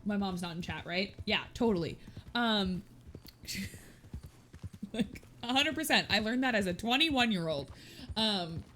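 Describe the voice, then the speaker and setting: A woman's voice: mid-range voice, lively intonation, unhurried, pauses often, fairly bright tone, a little hiss or hum. Chatty, laughing woman streamer in her thirties. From Texas. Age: 30s. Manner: chatty and self-mocking, laughs often and swears casually. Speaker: streamer playing a roleplay game. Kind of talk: casual chat.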